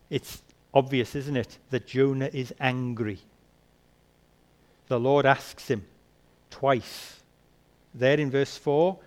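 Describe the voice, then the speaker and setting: A man preaching a sermon, asking rhetorical questions and swinging between soft and emphatic delivery. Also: medium pitch, slow pace.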